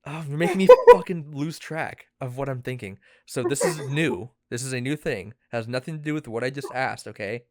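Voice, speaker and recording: A young man co-hosting a podcast, spinning a long profane hypothetical between fits of laughter and sudden shouts. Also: medium pitch, fairly quick, few pauses, no room sound. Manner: rambling, profane, laughing storyteller who shouts when interrupted. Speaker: podcast co-host. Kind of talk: casual chat.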